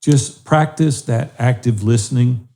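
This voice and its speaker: A man's voice: medium pitch, measured pace, gravelly, mellow. A middle-aged man co-hosting a faith-based podcast, earnestly encouraging listeners. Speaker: podcast co-host.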